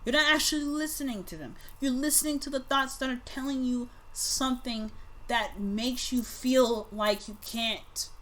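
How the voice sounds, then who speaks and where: A woman giving a casual tarot reading to her viewers. She speaks bluntly, swears freely, and swings between soft musing and loud outbursts. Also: fairly high pitch, normal speed. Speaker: tarot reader.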